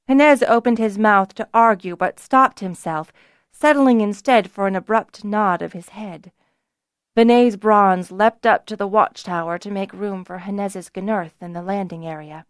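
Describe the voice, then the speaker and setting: A woman reading a fantasy novel aloud as an audiobook narrator, measured and even. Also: mid-range voice, no room sound, clean studio sound.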